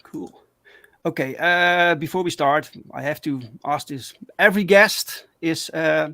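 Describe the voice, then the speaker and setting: A man hosting a casual livestream chat, excitable and full of fillers and restarts. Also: a little high, unhurried, dry recording. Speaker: talk show host.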